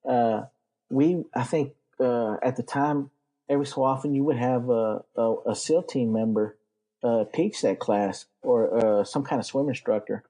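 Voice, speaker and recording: Guest spot: mellow, husky Texas-raised man, rambling profane storyteller. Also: medium pitch, unhurried, rough recording. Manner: rambling, profane, lots of fillers. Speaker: interview guest, Navy veteran. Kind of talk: casual storytelling.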